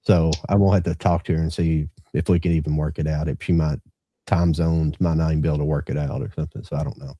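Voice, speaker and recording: A man's voice: extremely low pitch, fairly even intonation, fast, warm tone, slightly rough, no room sound. A man co-hosting a casual podcast, talking hesitantly with many fillers. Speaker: podcast co-host. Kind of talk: casual chat.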